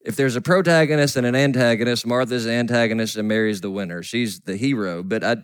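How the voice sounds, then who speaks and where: A middle-aged man preaching a sermon as a pastor, earnest, often sinking to a soft whisper. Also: medium pitch, fast, clear, resonant tone, no room sound, studio quality. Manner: earnest, drops to soft whispers for quoted grief.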